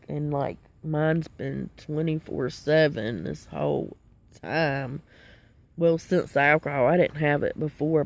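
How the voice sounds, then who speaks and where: Gravelly, emotional woman. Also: low-pitched, a little mellow. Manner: tearful, laughing through tears, swears often. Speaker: benzo withdrawal group member. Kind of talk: emotional live video to a support group.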